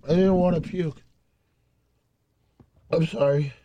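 A man's voice: on the high side, fairly even intonation, slow pace, distant mic, lo-fi sound. A man who feels sick after vomiting, talking weakly, groaning and apologizing.

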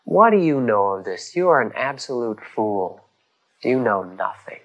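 A man voicing a Sufi master healer who speaks bluntly and calmly. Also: mid-range voice, unhurried, muffled recording. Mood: scolding. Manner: blunt, then calmly reasoning.

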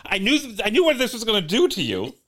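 A man co-hosting a casual film-review chat, needling his partner with dry, teasing prompts. His pitch moves a lot and his voice sounds bright and sharp. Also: huge pitch swings, fast talker. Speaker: podcast co-host.

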